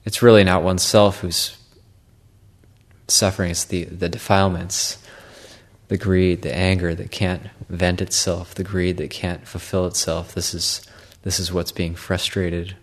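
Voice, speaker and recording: A male Buddhist monk giving a Dharma talk in a halting way, often repeating words and pausing with fillers. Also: low voice, little pitch movement.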